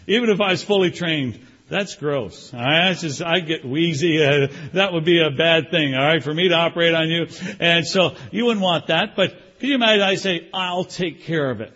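High-voiced older male preacher. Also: moderate pace, dull audio. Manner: animated preaching, acting out prayers in character. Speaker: pastor. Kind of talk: sermon.

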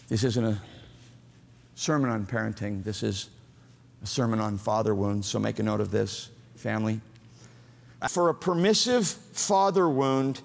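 Gravelly-voiced preacher man in a big hall. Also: mid-range voice. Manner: emphatic, rising to fervent proclaiming; playful asides to the congregation. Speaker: pastor. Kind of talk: sermon. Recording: preaching in a large reverberant hall.

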